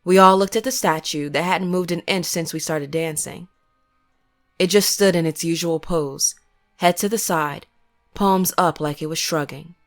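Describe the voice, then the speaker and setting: A woman giving scripted first-person horror narration in a measured, grim way. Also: fairly low pitch.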